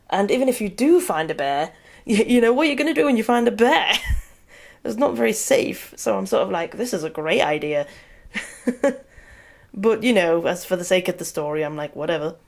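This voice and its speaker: A woman's voice: on the low side, vocal fry, a little mellow. A woman giving a casual, rambling rant review, sarcastic and often breaking into laughter. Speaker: video reviewer.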